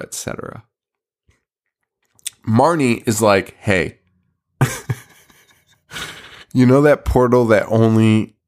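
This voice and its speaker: A man hosting a podcast, recapping a movie plot in casual chat, rambling, laughing often and swearing freely. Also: fairly low pitch. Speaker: podcast host.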